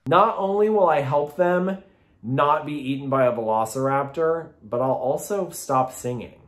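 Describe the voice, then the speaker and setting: Brief: man, mid pitch, self-mocking vlog host, roomy echo. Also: normal speed. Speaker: theme park vlogger. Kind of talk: casual group chat.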